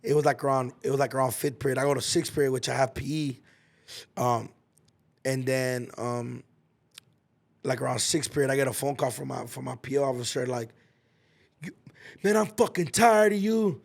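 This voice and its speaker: A man's voice: medium pitch, level tone, brisk, creaky. A young man from Los Angeles, hosting a podcast and telling a story in a casual, slangy, profane way, with spoken sound effects. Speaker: podcast host.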